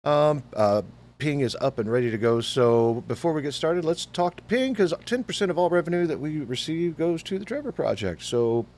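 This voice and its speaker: A man hosting a casual gaming podcast, animated and laughing, often stumbling over his words. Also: fairly high pitch, moderate pace. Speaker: podcast host.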